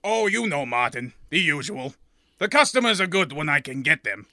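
Man, comic narrator, prim and overly formal, very bright tone, slightly high voice. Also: very animated, normal speed, dry recording, studio quality. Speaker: narrator and shopkeeper. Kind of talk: comedic scripted narration.

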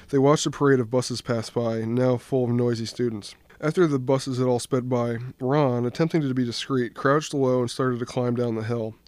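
A young man, a student, reading his own short story aloud in a steady, even storytelling voice. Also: mid-range voice, no room sound. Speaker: student reader.

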